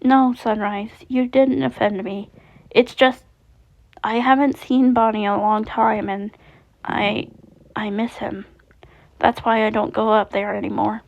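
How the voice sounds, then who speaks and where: A woman voicing a gentle, wistful male animatronic bear who speaks softly and hesitantly. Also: a little high, flat delivery, a little slow, gravelly, lo-fi sound. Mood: sad.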